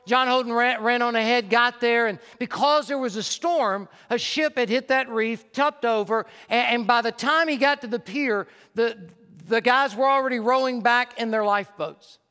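A man's voice: normal speed, hardly any pauses, smooth, big-room sound. A man preaching a sermon to a church auditorium, telling stories with passion and dropping his voice for the altar call. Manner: impassioned storytelling, dropping soft and low for the altar call.

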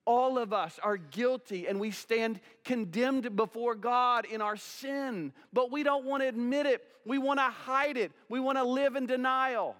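A man's voice: extremely high pitch, unhurried, few pauses, fairly bright tone. A male pastor preaching a sermon, asking rhetorical questions and acting out both sides of dialogues. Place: church sanctuary. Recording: church sanctuary with long reverb.

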